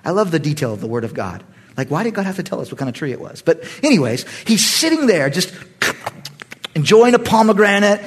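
A man pastor leading a Bible study, animated and acting out the voices of the people in the story. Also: sits high, moderate pace. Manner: animated, acts out quoted voices. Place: church meeting room.

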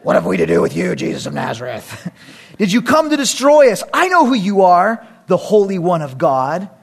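A man preaching a sermon voices a defiant male demon spirit in a low, growled, theatrical tone. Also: sing-song, normal speed, gravelly, slightly rough, full character voice.

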